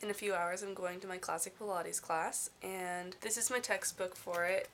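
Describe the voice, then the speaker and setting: A young woman chatting casually to the camera from her dorm room, telling a story in a bubbly, animated way. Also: on the low side, normal speed, hardly any pauses, a little hiss or hum. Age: young adult. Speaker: vlogger.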